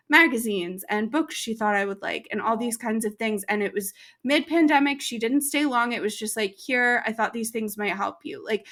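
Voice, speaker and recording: A woman's voice: on the high side, a bit bright. A young adult woman, a podcast guest, talking candidly and emotionally, with lots of "like" fillers. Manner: emotional, open, heavy use of "like". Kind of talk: candid conversational interview.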